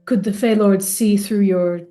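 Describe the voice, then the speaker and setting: A woman's voice: mid-range voice, fairly even intonation, a little slow, dark tone, soft background music. A woman player in a tabletop game, describing her character earnestly.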